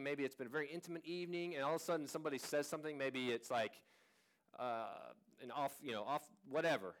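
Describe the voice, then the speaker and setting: A man's voice: a little high, fairly bright tone. A man in his thirties preaching a sermon as a pastor, in an earnest, conversational way, often restarting his sentences.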